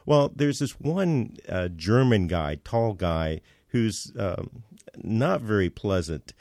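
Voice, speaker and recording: A man as a podcast guest, telling a story in casual conversation, halting with many fillers and restarts. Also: lowish voice, animated, darkish tone, no room sound, clean studio sound.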